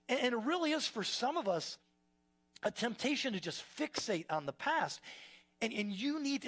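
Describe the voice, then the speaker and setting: A male pastor with a high voice gives a conversational sermon to a live church congregation. He tells stories with energy and often restarts his sentences as he goes. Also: a bit bright.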